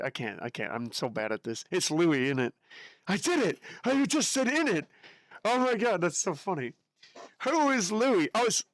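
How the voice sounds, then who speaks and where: A man's voice: on the high side, sing-song, normal speed, a bit bright, dry recording. A man from the United States chatting casually with his live-stream audience in a chatty, giggly way, with an unusual voice. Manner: chatty, giggly, reacts to chat.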